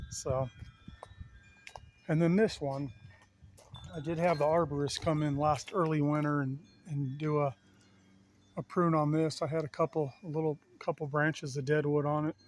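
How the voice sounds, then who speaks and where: A man's voice: a little high, slight background noise. Folksy man rambling in his backyard. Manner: rambling, folksy, talks to viewers. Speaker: yard vlogger. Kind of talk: casual walk-around chat. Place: outdoors in a backyard.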